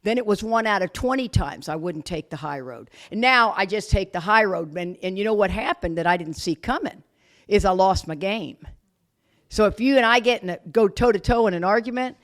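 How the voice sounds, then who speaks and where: A woman speaking to a live audience as a guest speaker, telling her story with blunt, self-mocking humor, laughing often and loudly acting out what people said. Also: medium pitch, fairly quick. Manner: animated, laughs often, acts out quotes loudly. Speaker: guest speaker at a recovery retreat.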